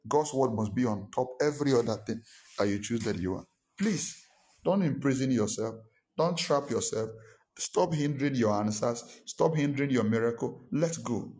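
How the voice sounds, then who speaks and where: A man's voice: mid-range voice, darkish tone. A man preaching a sermon as a pastor. He talks emphatically, repeats his points and acts out the people he quotes.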